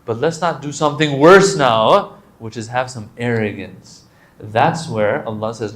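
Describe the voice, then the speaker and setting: A man giving a casual, animated sermon to a gathering, joking at times and reciting Arabic supplications quickly before explaining them. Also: medium pitch. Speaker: religious lecturer.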